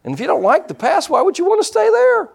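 A middle-aged man preaching a sermon as pastor, in a folksy, blunt manner, voicing people's excuses in quick asides. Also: extremely high pitch, wildly swooping pitch, creaky.

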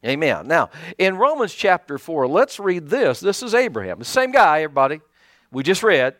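Male pastor preaching, fairly high and very lively delivery, folksy with lots of fillers, dry close sound. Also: normal speed, no room sound. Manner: folksy, animated preaching with many fillers and restarts. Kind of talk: sermon.

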